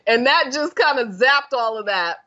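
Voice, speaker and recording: Bright-voiced woman telling her story. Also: high-pitched, muffled recording. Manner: earnest, expressive storyteller who acts out her past thoughts. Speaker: podcast guest, self-care and meditation guide. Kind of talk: personal story told in conversation.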